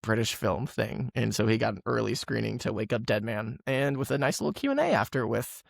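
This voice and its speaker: A man's voice: mid-range voice, animated, a little fast, creaky, dry recording, clean studio sound. A young man hosting a casual film podcast, rambling and self-mocking. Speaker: podcast host. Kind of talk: casual chat. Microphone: remote call mic.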